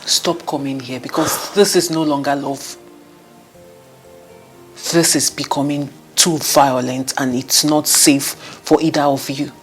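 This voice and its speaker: A caring friend, played by a woman, speaking slowly and earnestly in a low voice. She pleads gently. Light film music sits in the background. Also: steady tone. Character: caring young woman advising a heartbroken friend. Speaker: friend giving advice. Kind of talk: Nollywood film acting.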